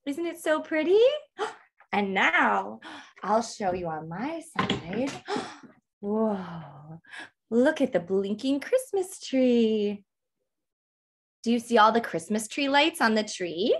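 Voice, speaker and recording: Young woman, toddler read-aloud, sing-song, lively swooping voice, excited gasps. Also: on the high side, slow, slightly rough. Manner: asks the children questions throughout. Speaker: toddler book club reader.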